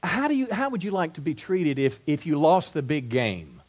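Pastor preaching with rising build-ups. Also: male voice, fairly high pitch, sing-song, moderate pace, few pauses. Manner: repeats words and restarts, acts out quoted voices; varies loudness widely, soft asides to loud build-ups. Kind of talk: sermon.

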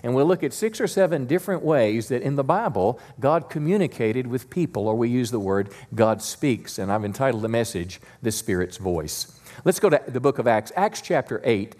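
A male pastor preaches a Sunday sermon in a middle-pitched voice, keeping it conversational and easygoing. He draws the congregation in, asking them to repeat key lines back to him. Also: lively intonation, moderate pace, a little mellow. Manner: conversational preacher, leads call-and-response. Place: church sanctuary.

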